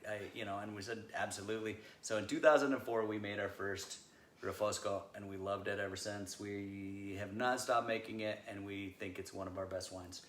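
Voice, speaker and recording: A man's voice: fairly low pitch, steady tone, normal speed, fairly bright tone. Guy laughing a lot while chatting about wine, echoey room. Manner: laughs often, loose and joking. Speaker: winery co-owner podcast host. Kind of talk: casual chat.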